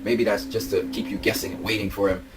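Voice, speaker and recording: Talking fast in a lowish, level voice over background noise, a young vlogger raves about his collectible figures. He laughs, shouts, and says things more than once in his excited toy-collector commentary.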